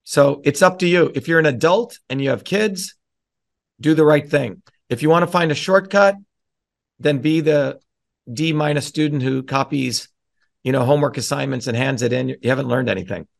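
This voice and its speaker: A man's voice: on the high side, moderate pace, creaky. A middle-aged man hosting a town hall, speaking bluntly and preachily to a live audience and often checking in with "okay?" and "right?".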